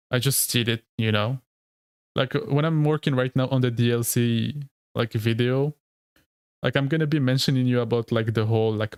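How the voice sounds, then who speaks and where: A man's voice: medium pitch, clear, resonant tone, dry recording, studio quality. A man streaming live and chatting casually with viewers, rambling and laughing, with many fillers. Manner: rambling, heavy use of "like", frequent laughs. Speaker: streamer and lore video creator.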